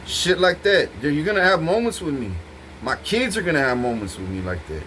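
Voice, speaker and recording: A man's voice: a little high, big pitch swings, a little fast, a bit bright, a little hiss or hum, low-quality recording. A man talking to the camera in an intense, rambling monologue full of swearing, speaking straight to his partner. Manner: intense, profane, rambling, addressing a partner directly.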